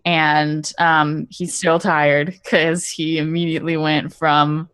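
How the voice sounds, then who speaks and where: A woman's voice: deep voice, level tone, slow pace, a bit bright, smooth, dry recording, clean studio sound. A woman player casually narrating her character's epilogue in a tabletop game, rambling with many "like"s and "um"s. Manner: rambling, full of "like" and "um", giggly.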